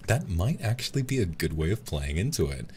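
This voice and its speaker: A man's voice: sits low, big pitch swings, a little fast, darkish tone, a little hiss or hum. A man chatting casually to his stream viewers in a rambling, playful way, often laughing.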